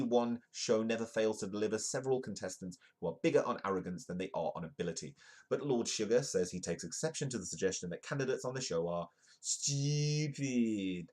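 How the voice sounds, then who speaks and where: A man's voice: fairly low pitch, animated, fairly quick, a little mellow. A British man hosting a live-streamed comedy news show, reading stories aloud with joking asides. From United Kingdom. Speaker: host.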